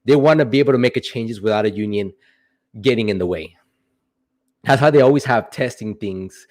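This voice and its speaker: A man's voice: mid-range voice, a little mellow. Rambling young man on a livestream. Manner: rambling, playful, drawn-out joking asides. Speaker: livestream host answering chat questions. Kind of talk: casual livestream chat.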